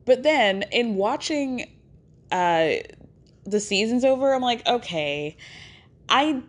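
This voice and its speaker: A woman's voice: a little high, expressive. A woman podcast host telling a story in a chatty, wry way. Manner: chatty, wry, acts out quotes in quick impressions. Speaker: podcast host recapping a reality show. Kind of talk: casual recap storytelling.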